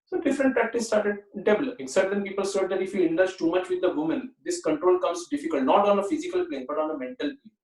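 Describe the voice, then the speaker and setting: A man's voice: high voice, sing-song, quick pace, few pauses, a little mellow. A man giving an earnest spiritual talk, often repeating himself and saying "you know". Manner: earnest, repetitive, many "you know" fillers. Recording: roomy echo, mic at a distance.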